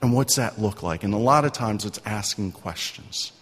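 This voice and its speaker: A man's voice: lowish voice, moderate pace, a bit bright, breathy edge. Man preaching in an echoing hall. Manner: conversational, earnest, asks the congregation questions. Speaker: pastor. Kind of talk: sermon. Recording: long reverb of a hall.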